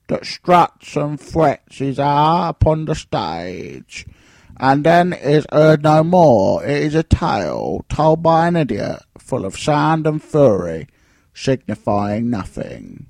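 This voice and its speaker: A man acting out a grieving Scottish king, reading a tragic speech slowly and loudly in a husky voice. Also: on the high side, very animated, no room sound, pitched above the performer's own voice, exaggerated voice. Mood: despairing. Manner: slow, loud, theatrical declaiming. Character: grieving Scottish king, male, middle-aged.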